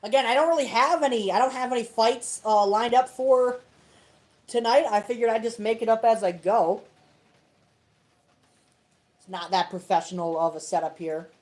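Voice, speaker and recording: A woman's voice: on the high side, normal speed, pauses often, a little mellow, low-quality recording. A woman hosting a casual livestream from a home tabletop setup, self-deprecating and chuckling often. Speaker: host of a toy robot fight livestream.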